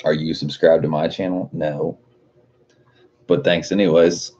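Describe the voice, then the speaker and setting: Low mellow guy on a livestream, cussing and laughing, reading chat, dull lo-fi sound. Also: little pitch movement, a little slow. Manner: profane, joking, laughs often. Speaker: livestream host. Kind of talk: casual livestream chat, reading viewer comments.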